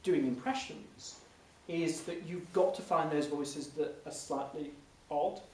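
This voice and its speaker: A man, an impressionist, telling lively anecdotes to an audience in a Q&A, often restarting mid-sentence. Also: fairly high pitch, measured pace. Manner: animated, lively storytelling with frequent restarts and laughs. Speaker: impressionist speaking as guest. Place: large hall before an audience. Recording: echoey hall, mic from a distance, faint noise.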